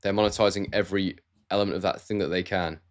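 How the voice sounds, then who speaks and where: A man from Scotland, speaking fast in a low voice, hosts a casual live stream from a warm room at home, chatting about boxing and reading out viewer comments. His accent is neutral southern English with no regional trace, and he's relaxed and chatty, calling viewers "mate."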